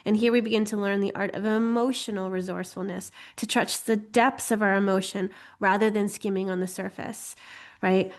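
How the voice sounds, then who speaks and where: Chatty female teacher, animated delivery, mid-pitched voice. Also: moderate pace. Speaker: astrology and human design teacher. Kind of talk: casual teaching talk.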